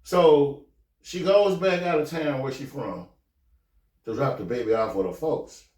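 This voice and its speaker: A man hosting a podcast, telling a story casually, with animated, profane delivery, acting out the quoted lines. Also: medium pitch, unhurried. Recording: echoey room, mic at a distance.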